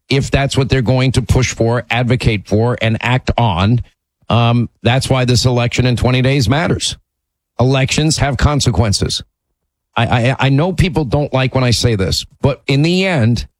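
A man's voice: mid-range voice, no echo, low-quality recording. A man hosting a political call-in radio show, talking emphatically and often repeating words as he starts a sentence. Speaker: talk radio host.

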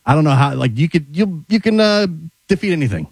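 A man's voice: on the high side, very animated, fairly quick, dry recording. A man co-hosting a casual radio show, playful and teasing in the banter. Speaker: radio co-host.

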